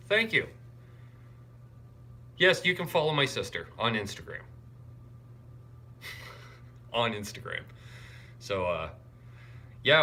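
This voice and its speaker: Bright, lively young man. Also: a little high. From Canada. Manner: scattered, chatty, greets viewers and reads the chat aloud. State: wired and tired. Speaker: live-streaming vlogger. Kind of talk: casual live-stream chat. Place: hotel room.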